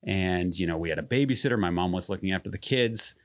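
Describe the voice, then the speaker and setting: A man's voice: deep voice, fast talker. A man, telling a rambling story as a podcast co-host. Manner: rambling, animated anecdote with many restarts. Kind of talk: casual storytelling.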